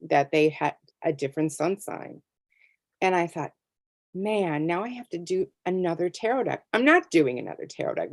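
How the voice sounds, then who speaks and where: A woman's voice: fairly low pitch, gravelly, darkish tone, no room sound. A middle-aged woman, a tarot artist, telling a story in a casual interview and acting out her own reactions. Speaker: tarot deck artist and guest.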